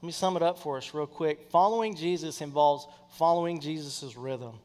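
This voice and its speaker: A man preaching a sermon, telling a story in a lively way and acting out the people in it. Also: a little high, moderate pace. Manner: animated, acts out quoted people in his stories. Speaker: pastor. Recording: long hall reverb.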